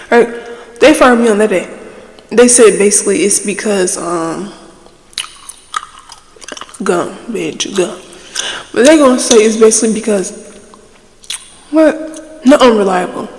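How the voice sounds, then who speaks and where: A woman's voice: a little high, big-room sound, rough recording. A woman hosting a casual ASMR storytime chat, telling her story bluntly and animatedly with plenty of swearing. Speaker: ASMR channel host.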